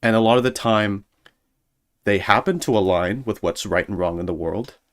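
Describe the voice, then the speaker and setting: A man's voice: on the low side, normal speed. Sarcastic rambling man streaming. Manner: rambling, sarcastic, mocks people in put-on voices. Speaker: VTuber streamer. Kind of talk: casual stream monologue.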